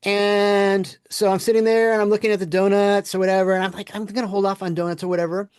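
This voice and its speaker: Male podcast guest, relaxed anecdotal delivery with voiced quotes, middle pitch, dry room. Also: fast talker, clean tone, dry recording. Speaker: podcast guest, former game producer. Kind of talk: casual storytelling.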